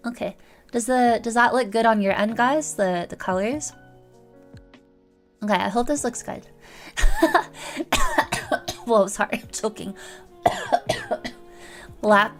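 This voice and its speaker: A young woman VTuber chats casually with her viewers on a livestream, playful and rambling, her medium-pitched voice fairly even and at a normal speed. Faint music plays in the background.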